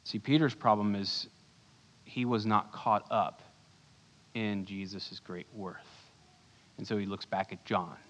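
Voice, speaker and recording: A man preaching a sermon as pastor, earnest, moving between urgent bursts and hushed low lines. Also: fairly even intonation, slow pace, long pauses. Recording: long hall reverb.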